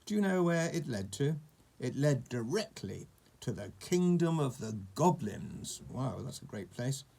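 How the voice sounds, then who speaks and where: Gravelly man reading to a child. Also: medium pitch, sing-song, a little slow. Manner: warm, chatty asides to a child.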